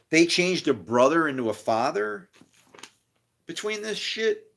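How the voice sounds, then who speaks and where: Slow-talking guy on a live stream, fed up and laughing it off, cursing at stuff. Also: medium pitch, animated, vocal fry, fairly bright tone. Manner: exasperated, laughing often, swearing; talks to viewers directly. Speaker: streamer studying scripture. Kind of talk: rambling live-stream monologue.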